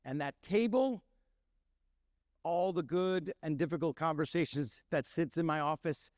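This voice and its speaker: His fairly high voice is unhurried here, set in a clean, echo-free studio recording. The middle-aged Milwaukee chef and restaurateur keeps up his animated storytelling to an audience, acting out the voices of the people in his tales.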